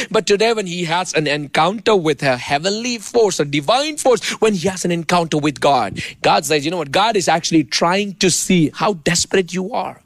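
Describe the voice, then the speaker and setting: A man preaching a sermon with impassioned, animated delivery and playful asides to his congregation. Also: sits high, a little slow, dry recording. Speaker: pastor.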